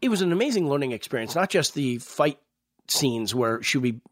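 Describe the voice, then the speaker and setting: A man, an actor guest, telling animated anecdotes in casual podcast conversation. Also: medium pitch, fairly quick, dry recording, clean studio sound. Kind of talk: casual storytelling.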